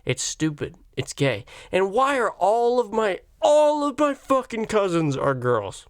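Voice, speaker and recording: A man's voice: sits high, sing-song, measured pace, hardly any pauses, clear, resonant tone, no room sound, studio quality. A man ranting on camera in a rambling, profane comic monologue, his voice jumping up when he gets worked up. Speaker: vlogger. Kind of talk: profane comedic rant.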